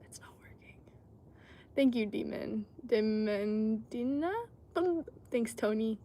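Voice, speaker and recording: A woman's voice: fairly high pitch, takes it slowly, dark tone. A woman in her twenties chatting casually on a pottery livestream, thanking viewers as she works. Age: 20s.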